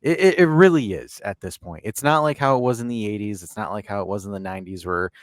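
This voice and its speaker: A man co-hosting a casual podcast, teasing his co-hosts and rambling through animated opinions. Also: fairly low pitch, fast talker, no room sound, studio quality. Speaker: podcast co-host.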